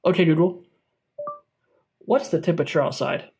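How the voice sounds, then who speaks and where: A young man hosts a tongue-in-cheek tech review, gushing and over-dramatic. His voice sits a little high for a man. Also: moderate pace, a little mellow, a little hiss or hum. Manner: over-dramatic, exaggerated enthusiasm. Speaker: tech YouTuber. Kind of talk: mock-serious product review skit.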